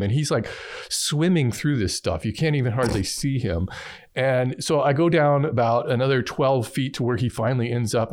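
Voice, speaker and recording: Middle aged guy telling a funny story, gets lively and goes high when he quotes himself. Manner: animated, jumps high to act out quotes. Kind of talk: casual storytelling.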